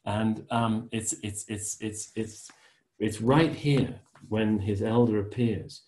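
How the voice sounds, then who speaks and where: Male Zen teacher, unhurried and thoughtful, warm low tone, roomy echo. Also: fairly even intonation. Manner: reflective, pausing, with fillers. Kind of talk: dharma talk with reading aloud. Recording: echoey room.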